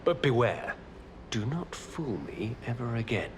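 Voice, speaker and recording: A proud, aggrieved hunter. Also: male voice, medium pitch, big pitch swings, a little slow, background noise. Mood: wounded pride. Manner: haughty, formal, aggrieved. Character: proud, wounded male monster hunter called the Hound. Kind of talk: video game character dialogue.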